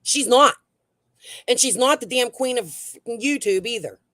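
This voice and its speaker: A woman's voice: on the high side, measured pace, fairly bright tone, no echo. A woman hosting a casual true crime livestream and reading the chat, talking in a blunt, heated way that is full of swearing.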